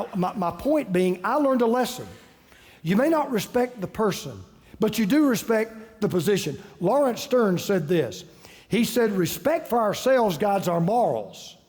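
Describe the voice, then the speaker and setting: High-voiced pastor preaching in a hall. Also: male voice, a little mellow. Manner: conversational storytelling, repeats key phrases for emphasis. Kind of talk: sermon.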